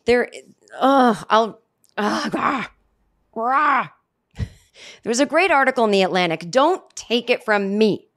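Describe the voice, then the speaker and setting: A woman in her forties hosting a comedy podcast, talking in a rambling, sarcastic monologue full of restarts, jumping up in pitch for mock quotes. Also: expressive, slow pace, pauses often, a bit bright. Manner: rambling, sarcastic, self-interrupting, with many restarts. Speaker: podcast host.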